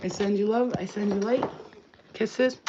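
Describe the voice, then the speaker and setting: Here the same kind of casual phone message to spirits comes from a woman vlogger who works as a spiritual healer, her blessings repeated with emphasis. Her medium-pitched voice keeps a steady tone and measured pace, though the highs are cut off and background noise is heavy.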